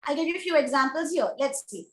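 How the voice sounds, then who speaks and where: A woman with an Indian English accent teaching grammar in an online class, speaking slowly and deliberately and repeating questions to her students. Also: sits high, expressive, a bit bright. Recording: echoey room.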